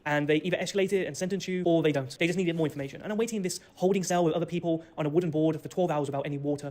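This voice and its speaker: A man telling a long first-person story in a fast, boastful, ranting way. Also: fairly high pitch, darkish tone. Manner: rapid, boastful, ranting delivery. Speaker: storyteller in a played video.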